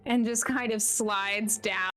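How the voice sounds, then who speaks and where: A woman playing a tabletop game, describing her character's actions in a gentle manner. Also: medium pitch, steady tone, slow pace, soft background music. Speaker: player. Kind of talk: casual tabletop play.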